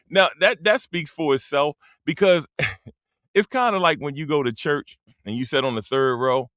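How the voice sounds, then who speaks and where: A man's voice: a little high, expressive, moderate pace, a bit bright, dry recording, clean studio sound. A middle-aged man, hosting a casual livestream rant, loose and joking, laughing mid-sentence and calling out to his chat. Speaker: livestream host.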